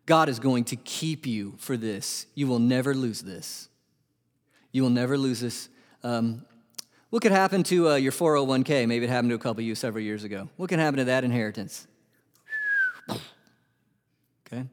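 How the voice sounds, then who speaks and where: A man preaching a sermon as pastor, animated and asking his congregation questions. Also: mid-range voice, moderate pace, long pauses. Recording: long hall reverb.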